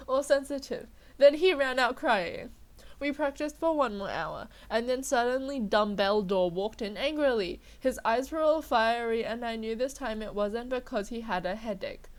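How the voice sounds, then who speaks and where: A young woman with a sore throat giving a mock-dramatic comedic reading, breaking off for exasperated, sarcastic asides. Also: fairly high pitch. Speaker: dramatic reader of a fanfic.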